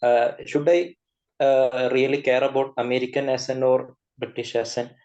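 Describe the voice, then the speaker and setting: A man's voice: medium pitch, fairly even intonation, moderate pace, darkish tone, dull audio. A young man with an Indian accent, a student asking a question on a video call, hesitant with many fillers.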